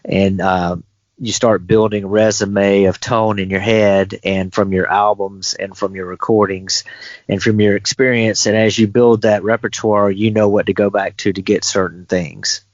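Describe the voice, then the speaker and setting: Low-voiced man, dry, muffled sound. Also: little pitch movement, moderate pace, no echo. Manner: thoughtful, meandering explanations. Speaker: guest guitarist. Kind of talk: casual interview talk.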